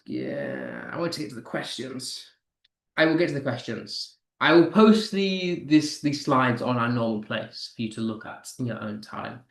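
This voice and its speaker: Lively-voiced male teacher, echoey room. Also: medium pitch. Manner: slow, stressed reading when tapping out poetic rhythm; talks to students reading comments aloud. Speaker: English teacher. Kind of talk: online class lesson.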